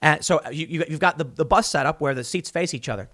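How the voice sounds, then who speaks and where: A man's voice: fairly high pitch, fast, a bit bright, dry recording, clean studio sound. Emphatic man delivering political commentary. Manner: emphatic, argumentative, builds extended analogies. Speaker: podcast host.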